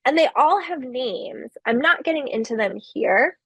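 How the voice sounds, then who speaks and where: A woman giving a recorded literature lecture, explaining slowly with occasional fillers. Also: high-pitched, animated, a bit bright, husky, dry recording.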